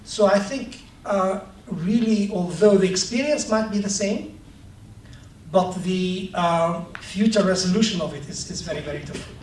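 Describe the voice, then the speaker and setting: A man speaking thoughtfully in a discussion, pausing and repeating words as he works through his point. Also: high-pitched, echoey room, distant mic, a little hiss or hum, poor audio. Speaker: panel speaker. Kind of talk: reflective discussion.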